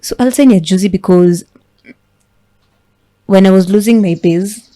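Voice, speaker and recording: A woman's voice: medium pitch, normal speed. A young woman from Kenya with a Kenyan accent, chatting casually on a podcast and telling her story in a mix of English and Swahili. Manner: switches between English and Swahili, animated storytelling. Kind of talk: casual chat.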